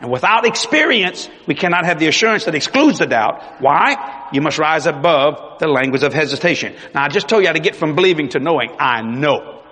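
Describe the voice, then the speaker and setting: Husky pastor preaching, lively swinging voice, fairly high, echoing big church hall. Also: male voice, brisk. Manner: animated preaching, voice swinging from loud to hushed. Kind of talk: sermon. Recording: long reverb of a large hall.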